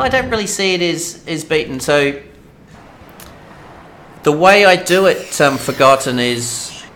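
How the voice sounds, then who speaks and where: A man's voice: on the high side, bright, forceful tone, slight background noise. An Australian man chatting casually with viewers as he live-streams a video game, rambling and friendly. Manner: chatty, rambling, talks to viewers while playing.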